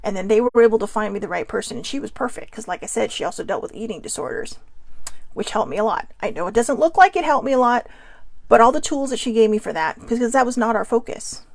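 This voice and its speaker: Host woman, slightly high and gravelly, candid and self-mocking. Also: fast talker, no room sound. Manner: candid, rambling, self-deprecating. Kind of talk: casual self-help talk.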